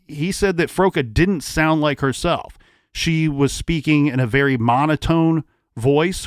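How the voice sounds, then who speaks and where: A man with a fairly high voice hosts a true crime podcast. He walks through a case timeline in measured, deliberate steps. He is recorded close on a studio mic in a dry room. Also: clear, resonant tone, no echo. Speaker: podcast co-host.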